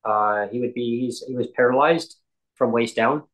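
A man chatting casually on a podcast, telling stories in a halting, rambling way with many ums and restarts. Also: medium pitch, fairly bright tone, poor audio. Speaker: podcast host and guest. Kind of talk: casual chat.

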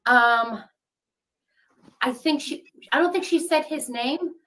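A woman's voice: high-pitched, slow, sharp tone. A woman in her fifties, an interview guest, recounting a personal story in a chatty way with lots of fillers. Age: 50s. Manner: chatty, many fillers, quotes others.

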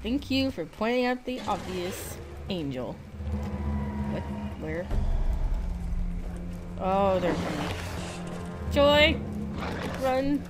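Casual let's play voice: a woman gamer with a slight lisp, chatty and self-deprecating, over clear game music. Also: medium pitch. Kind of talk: casual gameplay commentary.

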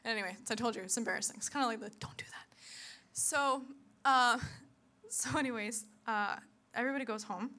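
A woman in her thirties shares a personal testimony from a church pulpit. Her voice is bright and sits a little high. She tells the story animatedly, slipping into other characters' voices and laughing along the way. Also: brisk. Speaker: church speaker. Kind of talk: sermon testimony to a congregation.

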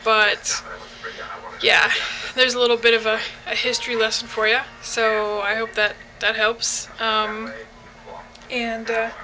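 A woman's voice: on the high side, level tone, takes it slowly, noisy background. A young woman from the United States giving a casual video response, hesitant, with many ums and restarts. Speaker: vlogger.

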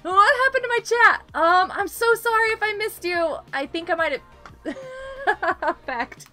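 A woman's voice: extremely high pitch, animated, measured pace, bright, forceful tone, faint music behind. A young woman live-streaming a game, chatting casually and giggling often as she greets viewers.

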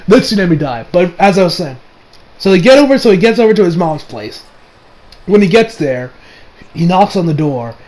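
A young man giving a rambling, excitable movie review, swearing often and acting out lines in a high voice. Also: moderate pace. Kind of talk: casual spoken movie review.

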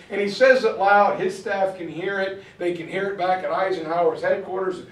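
Guy giving a history talk, highish voice, echoey room, sounds away from the mic. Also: moderate pace, hardly any pauses, a bit bright, recorded from a distance. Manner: conversational storytelling, acts out quotes, clears throat. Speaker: history lecturer. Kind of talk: informal history lecture with map.

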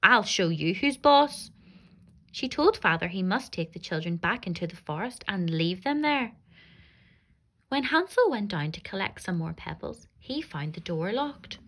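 Expressive woman reading a children's story. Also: lowish voice, normal speed. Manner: expressive, sing-song rhyming delivery. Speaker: primary school teacher.

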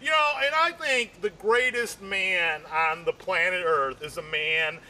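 High-voiced man rambling through stand-up. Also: measured pace. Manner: rambling and repetitive, with frequent "you know"; voice jumps high when excited. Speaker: stand-up comedian.

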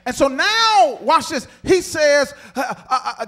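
Male pastor, very high voice, animated sermon, calls out to the congregation. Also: slow, few pauses.

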